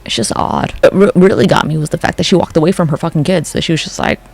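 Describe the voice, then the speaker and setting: A profane, gossipy vlogger talks through photos in a loose, unscripted rant and keeps breaking into little acted-out quotes. The voice is gravelly and swings widely up and down in pitch. Underneath the energy, the speaker sounds a little bummed. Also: expressive. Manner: profane, gossipy, acts out quick mock quotes. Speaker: conspiracy commentary vlogger. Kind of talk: casual rant over photos.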